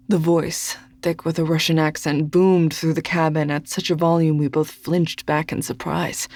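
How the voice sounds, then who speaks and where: An audiobook narrator reading a first-person story in a measured, deliberate way. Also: mid-range voice, flat delivery, darkish tone, dry recording.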